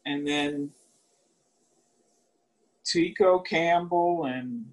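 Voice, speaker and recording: An older woman in her seventies recalls her college years in an oral history interview. She speaks very slowly and pauses to search for details, often trailing off. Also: low voice, low-quality recording. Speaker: alumna interviewee.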